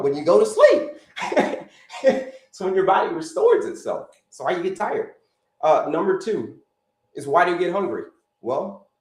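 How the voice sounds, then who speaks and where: A man with a high, darkish voice runs a casual live health stream, saying things more than once and calling listeners "folks" while asking for answers in the chat. The sound is roomy and the audio poor.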